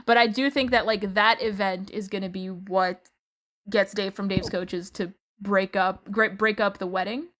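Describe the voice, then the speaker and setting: A woman's voice: mid-range voice, fairly even intonation, normal speed, fairly bright tone. A woman co-hosting a podcast, chatting casually, giggling and restarting her sentences often. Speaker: podcast co-host.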